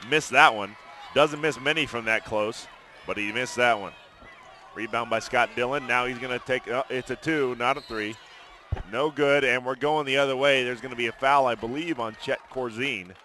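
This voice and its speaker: A man calling play-by-play of a high school basketball game in brisk, chatty commentary from an arena booth. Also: sharp tone, a little hiss or hum. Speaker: play-by-play announcer.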